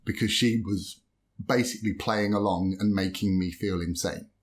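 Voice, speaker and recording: A man telling a story in casual podcast chat, animated and swearing, acting out what people said. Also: on the low side, moderate pace. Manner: animated, swearing, acts out quoted voices. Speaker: podcast guest.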